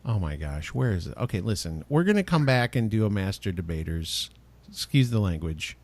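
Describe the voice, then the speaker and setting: A man's voice: fairly low pitch, expressive, fairly quick. A man hosting a podcast in casual chat, playful and wisecracking. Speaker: podcast host.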